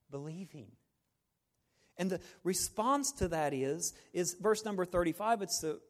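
Animated high-voiced male preacher. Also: in a large hall. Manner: animated, swings between hushed and loud, jokey asides. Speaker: pastor. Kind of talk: sermon.

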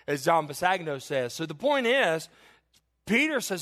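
A male pastor delivers an emphatic sermon to his congregation. His voice sits high for a man, and he drives points home by repeating lines and asking the room questions. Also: lively intonation, moderate pace, fairly bright tone. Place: church.

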